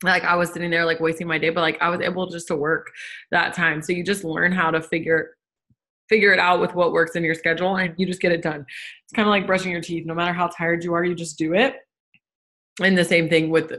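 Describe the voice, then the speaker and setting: A woman's voice: lowish voice, steady tone, brisk, a bit bright. A young woman co-hosting a group call, chatting casually and loosely with frequent fillers. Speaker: co-host of a business team call.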